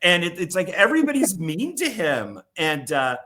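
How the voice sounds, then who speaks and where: A man co-hosting a casual film podcast, rambling through his points. His voice sits a little high for a man. He slips into quick character voices as he talks. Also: wildly swooping pitch, sharp tone, a little hiss or hum. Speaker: co-host.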